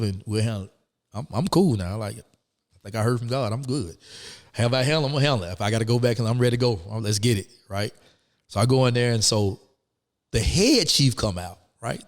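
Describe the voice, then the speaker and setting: A man's voice: mid-range voice, in a large hall. A man, telling his story as a guest in a casual interview and acting out the people in it. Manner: animated, acts out quoted people.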